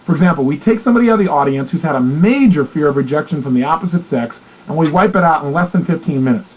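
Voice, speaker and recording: A man's voice: mid-range voice, husky. A man giving a motivational talk, coaching with an emphatic, repetitive delivery on tinny lo-fi audio. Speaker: motivational speaker.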